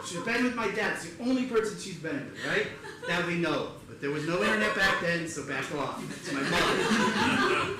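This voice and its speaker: On a theater stage before a live audience, a middle-aged man performs stand-up, spinning animated stories and acting out his mother and other joke characters. His voice is high and recorded from a distance, with roomy theater acoustics and audience noise.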